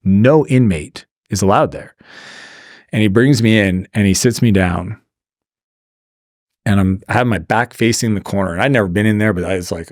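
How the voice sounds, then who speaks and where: A man from Canada tells a personal story in a casual interview, his voice sitting on the low side. He talks loosely, stacking filler "like"s and restarting sentences. The sound is dry and close. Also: normal speed, long pauses, a little mellow, no echo. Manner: conversational, many filler "like"s, trails off and restarts. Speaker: podcast guest.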